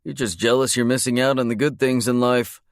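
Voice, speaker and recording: A man's voice: mid-range voice, fairly even intonation, a little fast, no room sound, clean studio sound, pitched above the performer's own voice, natural voice. A man voicing a cocky, amused young father teasing his brother. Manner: amused, smug.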